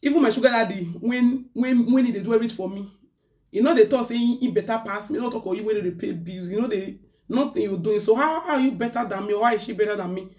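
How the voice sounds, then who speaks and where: A woman's voice: a little high, fast talker, darkish tone, distant mic. A woman with a Nigerian accent ranting in casual chat as a live-stream host, slipping pidgin into her English.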